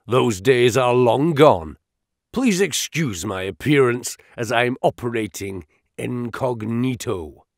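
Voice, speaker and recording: A hearty old pirate captain, gruff and good-humoured, breaking into booming laughs, with a lilting, lively voice as a male reader puts him on. His slow, unhurried words come through dry and close, with no room sound. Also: dry recording. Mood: jovial.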